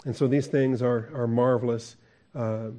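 A man's voice: medium pitch, fairly even intonation, unhurried, dark tone. A man preaching a conversational verse-by-verse sermon as a pastor, asking the congregation questions and chuckling often.

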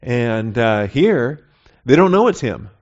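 Male pastor, mid-pitched, talky expository sermon full of rhetorical questions; slightly lo-fi recording. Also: very animated, takes it slowly, a little mellow. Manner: conversational, asks rhetorical questions, frequent "okay?" check-ins. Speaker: pastor teaching a Bible study. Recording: slightly muffled, dull recording.

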